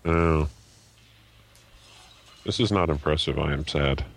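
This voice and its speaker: A man's voice: extremely low pitch, takes it slowly. A man hosting a podcast, giving wry, joking commentary while playing a game. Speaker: podcast host. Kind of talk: casual gameplay commentary.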